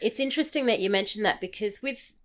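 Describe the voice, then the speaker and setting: A woman's voice: medium pitch, fast, fairly bright tone. A woman co-hosting a casual chat, talking with frequent hesitations and ums. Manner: hesitant, many ums, chatty. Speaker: podcast co-host.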